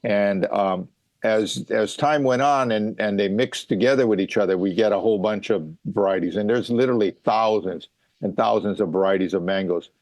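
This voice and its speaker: Low-voiced Hawaii man explaining calmly. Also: moderate pace, no echo. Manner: explanatory, lots of fillers and restarts. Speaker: mango farmer guest. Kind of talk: casual interview talk.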